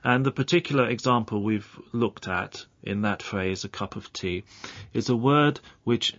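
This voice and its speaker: Lowish man explaining pronunciation, slow careful demos, muffled radio sound. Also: fairly bright tone, dry recording. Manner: clear, careful, demonstrates sounds slowly. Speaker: pronunciation expert guest. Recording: dull lo-fi broadcast audio.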